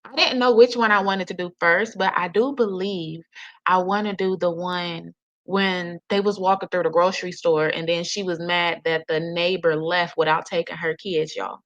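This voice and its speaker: A woman's voice: fairly low pitch, steady tone, moderate pace. Chatty woman, reaction host, lo-fi sound. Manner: chatty, slangy, laughs often, addresses viewers as y'all. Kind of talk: casual reaction commentary. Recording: dull lo-fi audio.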